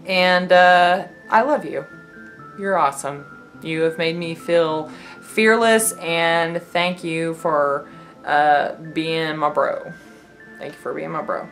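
A woman's voice: deep voice, steady tone, takes it slowly, fairly bright tone, faint music behind. A young woman vlogger chatting casually to camera, effusive and rambling, with lots of fillers and restarts. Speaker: vlogger answering viewer questions.

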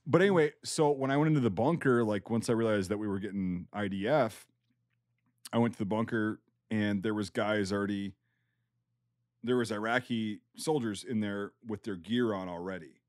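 A man's voice: fairly low pitch, moderate pace, dry recording, clean studio sound. A man hosting a podcast, chatting loosely and profanely and asking follow-up questions. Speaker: podcast host. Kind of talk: casual chat.

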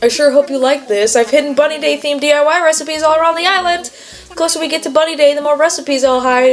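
A woman's voice: high-pitched, pitched above the performer's own voice. A woman reading aloud the lines of a chirpy male bunny in a costume, in a sing-song rhyming patter. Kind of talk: reading game dialogue aloud.

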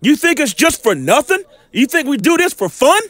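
Guy teaching from the bible, high voice that jumps all over, keeps throwing in "all right?", dry close sound. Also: big pitch swings, normal speed, fairly bright tone, dry recording. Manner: emphatic, peppers reading with rhetorical checks. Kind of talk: informal scripture teaching.

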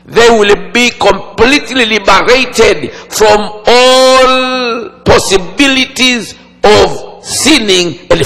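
Male preacher, high and gravelly, slow dramatic sermon delivery in a big echoing hall. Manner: slow, dramatic preaching with long pauses and sudden swings from loud to hushed. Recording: long hall reverb.

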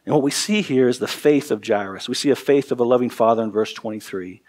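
A pastor in his forties preaches fast and earnestly, doubling up words to drive his points home, then dropping soft and low whenever the sermon turns tender.

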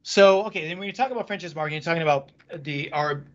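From his home office standing desk, a male franchise executive guests on a laid-back podcast over a video call. He speaks fast in a high-leaning voice, rambling with lots of restarts and fillers in an animated way, and the audio is dull.

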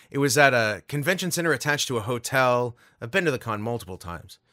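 A man, a guest voice actor, telling a story in a casual interview, animated and swearing freely. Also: medium pitch, no room sound, clean studio sound.

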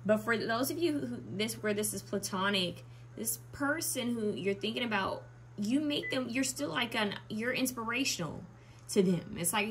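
A woman's voice: a little high, moderate pace, fairly bright tone, slight background noise. A young woman giving a pick-a-card tarot reading, musing aloud with frequent restarts and ums. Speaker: tarot reader.

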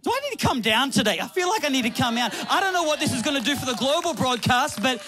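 A man preaching a sermon on a church stage, animated and laughing often, acting out little quotes from people. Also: very high voice, fast. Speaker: pastor.

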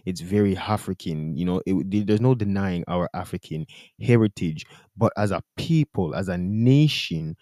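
Low, mellow-voiced Jamaican man. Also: no room sound, studio quality. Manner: earnest, defensive, reasoning. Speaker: video commentator. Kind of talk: casual explaining to camera.

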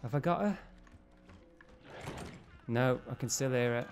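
A man playing a horror game on his channel and talking through it. His voice sits at an ordinary middle pitch, and he swears often and breaks into sudden panicky outbursts when he gets scared. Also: unhurried, faint music behind. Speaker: gameplay channel host. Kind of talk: horror let's play commentary.

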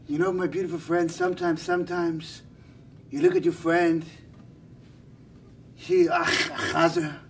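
A man doing an impression of a famous singing rabbi, telling a comic story in a slow, dreamy, sing-song voice with Yiddish words. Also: on the high side, distant mic, close to an everyday voice. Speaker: comedian. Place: live event.

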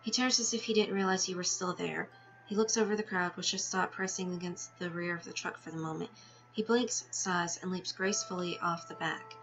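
A woman's voice: on the low side, steady tone, fairly quick, fairly bright tone. A woman reading a text game aloud with her own asides, now and then tripping over words and laughing at herself. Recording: dull lo-fi sound with music behind.

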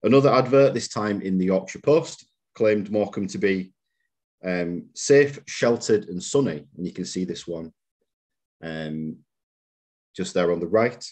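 A man giving a public history lecture as a museum lecturer, measured and reading out quotations with occasional fillers. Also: low voice, steady tone, darkish tone. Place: lecture room.

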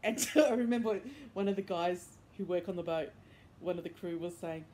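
A woman's voice: fairly low pitch, a little fast, dark tone, a little hiss or hum. A woman hosting a knitting podcast, chatting casually and rambling with many fillers and restarts. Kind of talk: casual chat. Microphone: iPad.

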